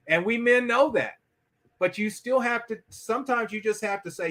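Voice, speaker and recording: A man's voice: sits high, moderate pace, a bit bright. A man speaking as a guest in an interview, emphatic and acting out quoted voices as he explains his points. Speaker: podcast guest. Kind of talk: conversational interview.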